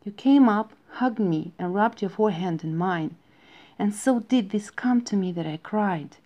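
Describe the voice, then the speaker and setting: A woman's voice: mid-range voice, lively intonation, unhurried, dark tone, natural voice. A woman voicing a lonely, tender young male hare who tells his dream in a wistful, dreamy way. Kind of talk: storybook reading.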